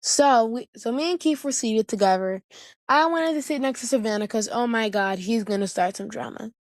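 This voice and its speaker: A woman's voice: fairly high pitch, expressive, moderate pace, no echo, clean studio sound. A woman vlogger casually telling family stories, chatty and slangy, often circling back to her point. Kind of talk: casual storytelling to camera.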